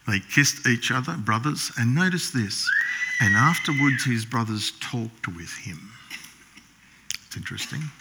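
A male pastor, preaching a sermon in a storytelling way, acting out the characters' lines in a hushed voice and often clearing his throat. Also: medium pitch, expressive, measured pace, very noisy.

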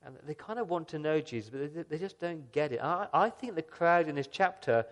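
A man preaching a sermon as a pastor, earnest, asking the listeners questions and swinging between loud emphasis and soft, quiet lines. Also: a little high, lively intonation, a little fast.

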